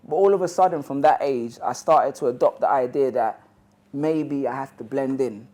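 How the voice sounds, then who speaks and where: A man's voice: medium pitch, normal speed, a little mellow. A man with a London accent, originally from Ghana, telling a personal story to a live audience in a loose, conversational way that is full of "you know" asides. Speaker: motivational speaker.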